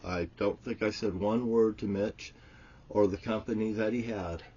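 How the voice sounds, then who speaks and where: Posing as a self-appointed prophet, a man rants angrily and profanely at the camera, lurching from yelled curses to quiet, mumbled storytelling. His intonation stays fairly level, his pace is moderate, and the audio sounds dull.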